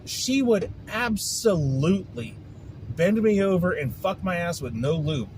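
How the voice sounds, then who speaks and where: A man's voice: sits high, lively intonation, unhurried, darkish tone, a little hiss or hum, rough recording. A man hosting his own podcast, venting in a frustrated, profane casual rant. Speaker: podcast host. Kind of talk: casual ranting monologue.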